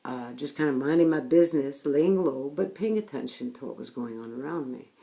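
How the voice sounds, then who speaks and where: A woman's voice: a bass voice, fairly quick, gravelly, dark tone. A woman speaking frankly and bluntly about her own experience, with rhetorical asides to the listener. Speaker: speaker sharing personal experience. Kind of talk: candid personal talk.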